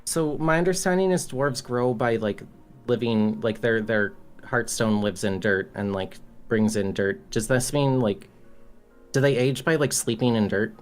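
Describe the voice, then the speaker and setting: A man's voice: mid-range voice, a little slow, faint music behind. A man playing a tabletop game, speaking in character as a boastful goblin and asking rules questions. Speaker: player.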